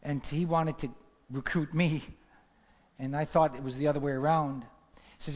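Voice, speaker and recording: A man's voice: on the high side, fairly even intonation, normal speed, long pauses. A man preaching a sermon, telling his testimony as a dramatic story and building to fervent emphasis. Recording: long reverb of a large hall.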